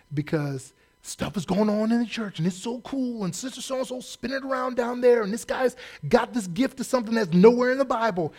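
A male pastor preaching a sermon in a blunt, sarcastic, animated storytelling manner. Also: high voice. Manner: animated storytelling with acted quotes.

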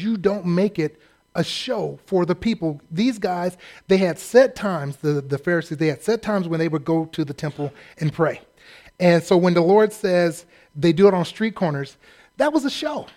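A pastor preaching a sermon in a humorous, conversational, self-deprecating way. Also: male voice, fairly high pitch, a little mellow.

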